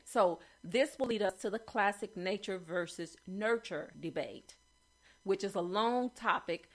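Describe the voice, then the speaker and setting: Chatty woman with a low voice. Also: fairly bright tone. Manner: chatty, frequent fillers and restarts, asks okay. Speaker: host reviewing writing quotes. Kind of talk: casual commentary reading quotes.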